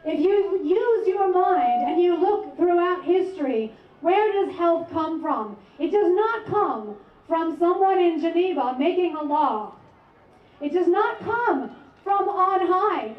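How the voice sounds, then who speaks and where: Measured woman professor addressing a rally. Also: very high voice, lively intonation. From born abroad. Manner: measured, articulate, lecturing. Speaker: professor giving a rally speech. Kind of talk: prepared rally speech. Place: outdoor rally over loudspeakers. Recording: echoey distant lo-fi rally sound.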